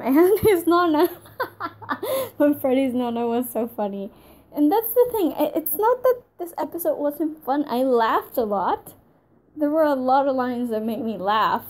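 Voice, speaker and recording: A woman's voice: a little high, mellow. A woman giving a casual spoken review of a TV episode, chatty and frank, often breaking into laughs.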